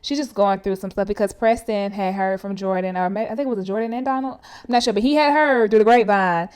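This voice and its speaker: A woman giving a casual recap of a reality show episode, talking straight to viewers in a chatty, animated way full of fillers. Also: mid-range voice, fast talker, clear, resonant tone. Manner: speaks straight to viewers as "y'all".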